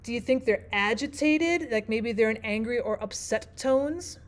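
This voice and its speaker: A woman with a slightly high voice teaches a literature lesson. She explains each point clearly and keeps turning questions back to the listener, in a steady classroom manner. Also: normal speed. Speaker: language arts teacher.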